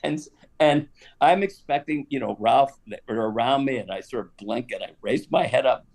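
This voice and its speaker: An older man telling a story casually on a live stream, animated, with laughs and asides. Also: medium pitch, moderate pace, creaky. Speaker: guest actor telling stories.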